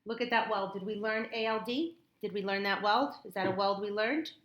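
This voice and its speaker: A woman tutoring a child in phonics one-on-one, patient and encouraging, repeating words slowly in a classroom. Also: mid-range voice, fairly bright tone. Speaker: reading tutor. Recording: echoey room, faint noise.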